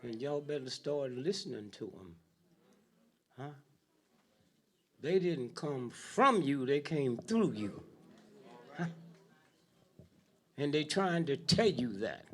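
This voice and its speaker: An older man giving a speech to a live audience in a preaching style, dropping to a low mutter and rising to loud outbursts, with a steady "huh?" and "hmm?" after his lines. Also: slow pace, long pauses. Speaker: speaker addressing an audience.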